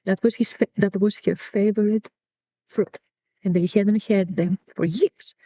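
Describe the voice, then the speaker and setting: This podcast guest and co-founder, a middle-aged Greek woman, recounts family stories in an interview with a medium-pitched, expressive, warm and slightly rough voice, speaking unhurriedly. She's reflective, repeating words as she hunts for the right ones, on a dull lo-fi dry recording.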